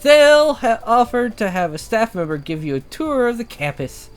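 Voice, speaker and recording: A woman voicing a bubbly, chatty teenage schoolgirl roommate, reading game dialogue aloud with fast, gushing delivery. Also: a little high, smooth, soft background music, pitched above the performer's own voice. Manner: talks fast, gushing, lively.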